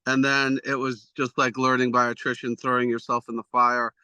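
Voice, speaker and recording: Guy producer talking over a video call, bright tense tone, dry close sound, keeps restarting sentences. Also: mid-range voice, flat delivery, normal speed, clear, resonant tone, no echo. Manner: rambling, restarts often, self-deprecating. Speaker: executive producer guest. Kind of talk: conversational interview answers.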